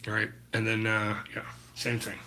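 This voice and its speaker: A man's voice: fairly low pitch, completely flat delivery, normal speed, sharp tone, a little hiss or hum. A man chatting casually to his viewers while painting on a live stream, rambling and swearing freely. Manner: laid-back, rambling, swears freely, chats to viewers by name.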